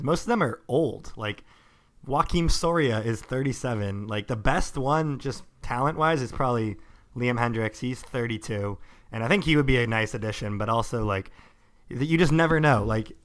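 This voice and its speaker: A man's voice: medium pitch, a bit bright, smooth. A man co-hosting a podcast, in casual sports chat, rambling and leaning hard on filler words. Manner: rambling, heavy use of "like". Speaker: podcast co-host.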